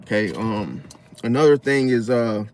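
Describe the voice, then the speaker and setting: Casual slangy man giving advice. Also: a little slow. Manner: animated, acts out loud high-pitched interruptions, laughs often. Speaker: astrology commentator.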